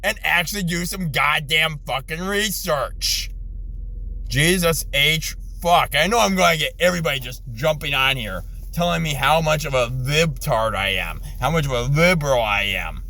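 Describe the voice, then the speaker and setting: A middle-aged man, an army veteran, in an angry, profane rant from his car, exasperated, his voice jumping high when he yells. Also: expressive, normal speed, creaky, poor audio. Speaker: ranting vlogger, army veteran.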